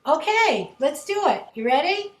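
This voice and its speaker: A woman with a high, light voice leads a spiritual gathering over a video call, laughing easily as she talks. Her words swell into a preacher-like rhythm. The sound carries a noticeable room echo. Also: big pitch swings, moderate pace, slight background noise. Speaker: host leading a spiritual prayer session.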